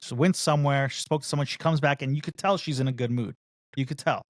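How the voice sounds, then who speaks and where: A man in casual podcast chat, spinning a long anecdote and acting out each person he meets along the way. His voice sits at an ordinary middle pitch and is recorded dry, with almost no room sound. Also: quick pace, no echo. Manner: animated storyteller who acts out the other people in his story. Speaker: podcast co-host.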